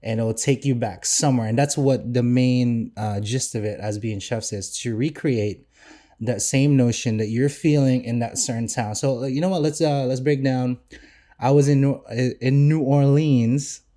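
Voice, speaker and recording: A man's voice: medium pitch, fairly even intonation, normal speed, warm tone. A young man, a chef co-hosting a podcast, talking casually and enthusiastically with lots of fillers and restarts.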